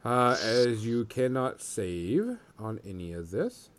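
A man running a tabletop role-playing game as game master, narrating the action slowly and deliberately. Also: medium pitch, big pitch swings. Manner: descriptive, slow and deliberate narration.

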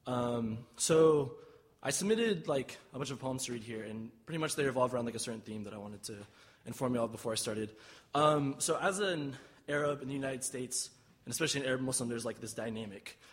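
A man from Austin, Texas introduces his poems at a live reading. He talks in a laid-back way, full of fillers, at a middle pitch for a man. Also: brisk. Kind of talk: casual spoken introduction. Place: reading event.

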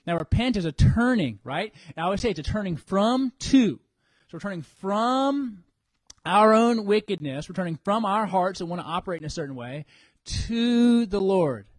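A man preaching a sermon in an animated way, acting out what people think in church. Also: high-pitched, normal speed, no room sound. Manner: animated, acts out congregants' inner voices. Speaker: pastor.

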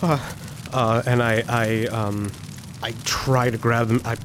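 A man's voice: mid-range voice, steady tone, slow pace. A man with a mid-range voice plays his character in a tabletop role-playing game. He talks hesitantly and emotionally, stumbling through fillers and restarts as he decides what to do. A faint noise runs behind him. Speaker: player.

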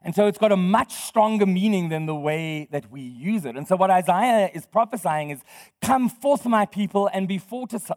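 High-pitched guy preaching, chatty, keeps asking the crowd questions and laughing, big echoey church hall. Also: darkish tone. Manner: conversational, quizzes the congregation, laughs often. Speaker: pastor. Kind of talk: sermon. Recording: long hall reverb.

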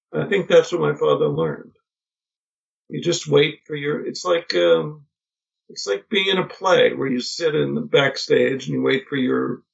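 A middle-aged man, a podcast guest, telling family stories in a reflective, halting way with many pauses and restarts. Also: on the high side, gravelly, husky. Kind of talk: casual conversation. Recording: dull lo-fi podcast audio.

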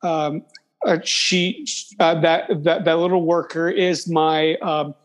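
Slow, high-voiced man. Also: level tone. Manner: halting, with many fillers and restarts. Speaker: podcast guest. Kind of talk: casual chat.

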